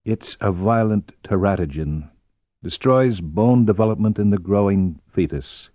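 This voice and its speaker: Narrator playing a grave middle-aged doctor, measured and clinical, lower voice, dry, slightly dull audio. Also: male voice, expressive, no room sound. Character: middle-aged male doctor, anxious and careful.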